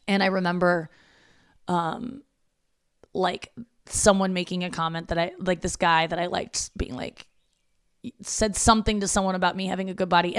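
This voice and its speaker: A woman's voice: fairly low pitch, no room sound, studio quality. A woman in her thirties, a comedian hosting a solo podcast from indoors at her parents' home, talking in a rambling, confessional way with lots of fillers and swearing. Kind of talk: candid solo podcast chat.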